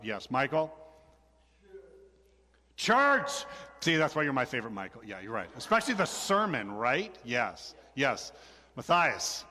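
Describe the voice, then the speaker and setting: A man's voice: medium pitch, bright, forceful tone. A male pastor giving a chatty, joking sermon, trading questions and answers with his congregation in a large church sanctuary. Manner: joking, chatty, frequent fillers and restarts. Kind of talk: conversational sermon with congregation back-and-forth. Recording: long reverb of a large hall.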